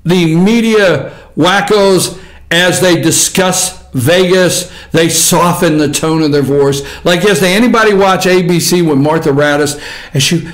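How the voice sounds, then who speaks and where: A man with a high voice rants through a political commentary monologue as the show's host. He is combative and fiery, jumping from shouted outbursts to low, grumbling asides. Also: a little slow. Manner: ranting, combative, swings between shouting and muttering.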